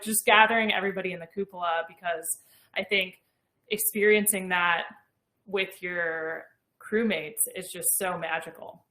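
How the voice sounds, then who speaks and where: Bright-voiced woman in an echoey room. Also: on the low side, steady tone, normal speed. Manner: enthusiastic and explanatory. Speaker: astronaut guest. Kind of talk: conversational interview.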